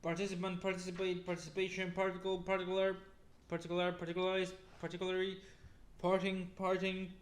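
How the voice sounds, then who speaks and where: Guy reading a huge word list out loud, high voice, super flat, keeps tripping and repeating words. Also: quick pace. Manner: stumbles and repeats words, restarting often. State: weary from long reading. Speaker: YouTuber.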